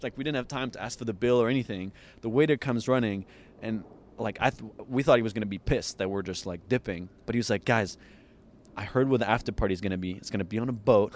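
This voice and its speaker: A man guest on a podcast, telling a long story with laughs and acted-out dialogue. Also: medium pitch. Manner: lively, laughs often, acts out others' lines. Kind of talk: animated storytelling.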